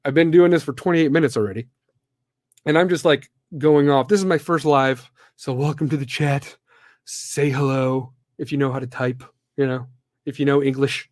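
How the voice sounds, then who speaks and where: A man's voice: mid-range voice, steady tone, moderate pace, a little mellow, dry recording, clean studio sound. A man from the Midwestern US hosting a live podcast, ranting bluntly and with plenty of profanity. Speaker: podcast host.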